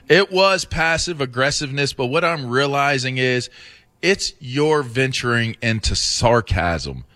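A middle-aged man with a bright, forward tone and a mid-range pitch, co-hosting a sports radio show. He teases his partner in loose, rambling banter, often restarting and repeating words. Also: lively intonation, measured pace. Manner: teasing, rambling, repeats words while searching for them. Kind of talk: casual studio banter.

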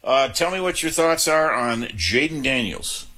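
A man hosting a call-in sports radio show, chatty and quick to joke with callers. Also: mid-range voice, animated, pushed and bright.

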